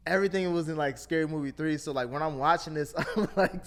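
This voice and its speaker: A man's voice: on the high side, fast talker. A man co-hosting a podcast in casual film review chat, laughing often and asking the others questions. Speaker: podcast co-host.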